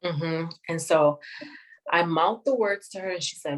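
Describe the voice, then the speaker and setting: A woman sharing a personal testimony in an interview, speaking in a measured, reflective way with many pauses. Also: on the low side, rough recording. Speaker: guest sharing her testimony.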